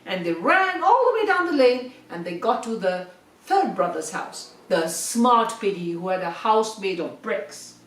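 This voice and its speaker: Animated woman telling children's stories. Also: mid-range voice, measured pace, distant mic, a little hiss or hum. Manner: animated, talks directly to children. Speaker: children's storyteller. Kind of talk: children's storytelling. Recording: roomy echo, set back from the mic.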